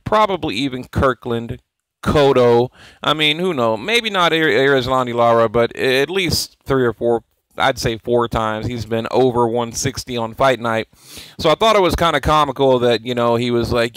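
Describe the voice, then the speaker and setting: Animated man hosting a boxing vlog. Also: medium pitch, normal speed, smooth, no echo, low-quality recording. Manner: animated, laughing, repeats himself, mimics others. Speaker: boxing channel host. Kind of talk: casual commentary vlog.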